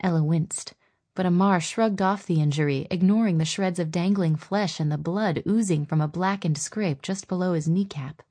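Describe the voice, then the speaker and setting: A woman reading a novel aloud as an audiobook narrator, in a measured storytelling manner. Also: lowish voice, mellow. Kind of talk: scripted narration.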